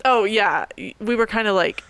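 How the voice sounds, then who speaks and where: A woman's voice: mid-range voice, normal speed, a bit bright, smooth. A woman co-hosting a podcast in playful, teasing banter, laughing a lot, recorded on a table microphone inside an open bookstore. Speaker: podcast co-host. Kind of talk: casual banter.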